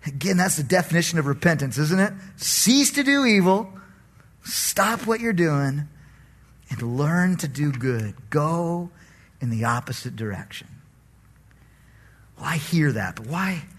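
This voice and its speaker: A male pastor delivers a sermon in a conversational, animated way. His voice is high and raspy and swings widely in pitch as he preaches. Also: a little slow, long pauses.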